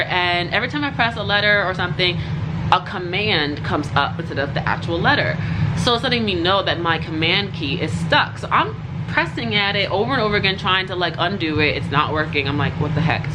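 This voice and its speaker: A young woman rambles through a casual storytime in a lowish voice, piling on fillers and asides. Steady background noise and passing traffic run under her talk. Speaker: pre-nursing student vlogger.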